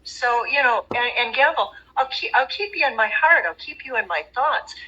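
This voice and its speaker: A woman joining a livestream as a guest, speaking in a measured, earnest, gently admonishing way. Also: fairly high pitch, lively intonation, lo-fi sound. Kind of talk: casual livestream chat.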